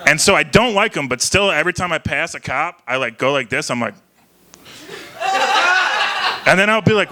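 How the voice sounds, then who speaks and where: A young man from Ohio doing an open mic stand-up set, rambling and halting, laughing at his own jokes. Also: on the high side, noisy background. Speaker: stand-up comedian. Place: small bar venue with live crowd.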